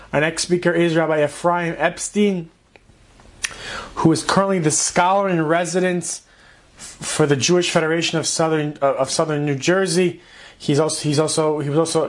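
A man with a somewhat higher voice hosts an event and introduces the next speaker. He speaks haltingly, stopping and restarting his sentences again and again.

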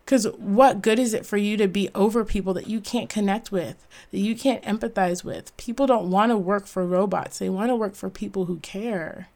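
A woman's voice: mid-range voice, normal speed, hardly any pauses, dark tone. Earnest woman hosting a solo talk. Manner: earnest, emphatic, laughs at herself. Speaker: podcast host.

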